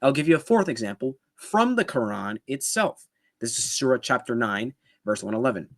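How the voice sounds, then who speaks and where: A man's voice: medium pitch, lively intonation, moderate pace. A man hosting a commentary video, explaining his points step by step and often checking in with "right?". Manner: conversational, with restarts and fillers. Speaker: apologetics video host. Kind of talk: casual commentary responding to a debate clip.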